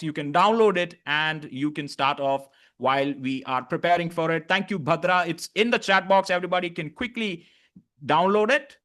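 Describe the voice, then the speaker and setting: A man's voice: a little high, sharp tone. A man leading an online master class on voice, demonstrating tones and encouraging participants. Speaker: voice coach.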